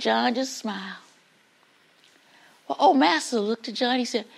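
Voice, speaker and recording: A young woman student telling a story live in a classroom, animated and dramatic, speaking straight to her listeners. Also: a little high, a little slow, creaky, pauses often. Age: young adult.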